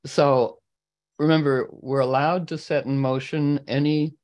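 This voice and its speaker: A man retelling a fairy tale to a group in a meandering way, often clearing his throat. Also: on the high side, flat delivery, unhurried, darkish tone, poor audio. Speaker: astrology talk host. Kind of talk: storytelling to a group.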